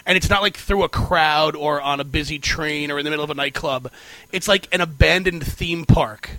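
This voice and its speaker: A man in a casual comedy chat, telling a story in an animated, mocking, incredulous way. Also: on the high side, normal speed, dry recording, poor audio.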